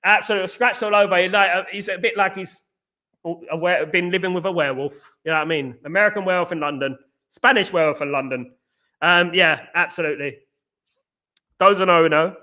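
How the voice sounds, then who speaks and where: High bright-voiced guy hosting a fan stream, hyped banter, big ups to the chat. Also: a little fast. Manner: hyped, banter-heavy, shouts out viewers. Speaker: host. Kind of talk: live stream chat with viewers.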